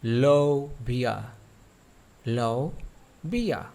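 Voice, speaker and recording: Slow, drilling male English teacher. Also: mid-range voice, lively intonation, vocal fry, a little mellow. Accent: South Asian English. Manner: repeats each word several times with translations. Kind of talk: vocabulary lesson for kids.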